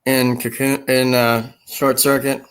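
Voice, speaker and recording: A man in his forties chatting casually as a stream host, telling anecdotes and slipping into quick impressions. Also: medium pitch, level tone, a bit bright, clean tone. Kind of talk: casual chat.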